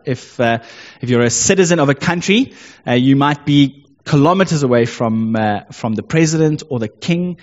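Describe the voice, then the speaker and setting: A man's voice: a little high, highs cut off. A man with a South African accent preaching a sermon in a conversational way, often checking in with "right?" and "okay?". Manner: conversational, frequent tag questions like "right?" and "okay?".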